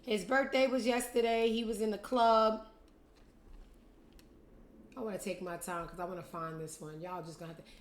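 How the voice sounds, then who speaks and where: A woman hosting a casual gossip show, animated and profane, who mocks people with put-on voices. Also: medium pitch, moderate pace, pauses often, reverberant. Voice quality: animated, profane, acts out quotes in mocking voices. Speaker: host.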